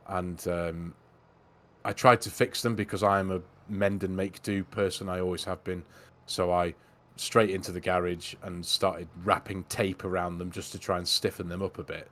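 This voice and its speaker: A man's voice: low voice, level tone, normal speed, fairly bright tone. A man chatting and telling self-deprecating stories while playing a farming game over a headset. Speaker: co-host of a farming game stream. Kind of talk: casual chat while gaming. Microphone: gaming headset.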